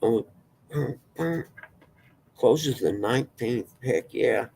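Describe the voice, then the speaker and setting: A man's voice: mid-range voice, lively intonation, extremely slow, creaky, darkish tone, a little hiss or hum, poor audio. A man hosting a casual livestream, chatting folksily with viewers and reading news aloud. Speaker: livestream host.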